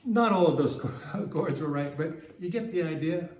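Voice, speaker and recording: A man teaching ukulele in a relaxed, chatty way, with many fillers, counting beats and sometimes singing along. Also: fairly high pitch, moderate pace, roomy sound, a little hiss or hum. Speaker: ukulele club instructor. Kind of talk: casual ukulele lesson with strumming and singing.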